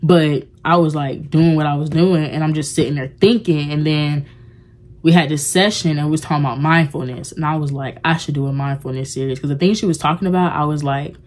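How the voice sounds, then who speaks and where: A woman's voice: low-pitched, steady tone, fairly quick, a little mellow. A young woman talking to her viewers in a casual, confessional vlog, rambling and heartfelt, with many filler words. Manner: rambling and heartfelt, heavy use of "like". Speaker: vlogger.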